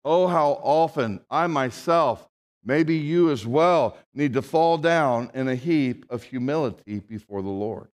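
A man preaching a sermon as a pastor, with dramatic swings from hushed, low reading to loud, raised proclamation. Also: lively intonation, unhurried. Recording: long hall reverb.

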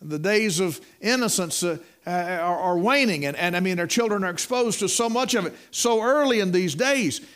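A man's voice: high voice, animated, moderate pace, few pauses, a bit bright, clean tone. A middle-aged man preaching a sermon in a folksy storytelling way, repeating words and calling listeners "my friend.".

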